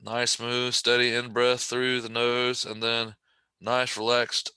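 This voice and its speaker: A man leading a guided breathing meditation, speaking slowly and gently with casual asides to the listener. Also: mid-range voice, clean tone, no echo. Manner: slow, gentle, calm guidance with casual asides.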